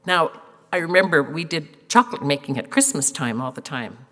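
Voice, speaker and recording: A woman's voice: low-pitched, animated, normal speed. An older woman giving a funeral eulogy, telling stories with fillers and laughs, tearful at times. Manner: warm storytelling with fillers and laughs. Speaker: eulogy speaker. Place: funeral hall. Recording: echoey hall.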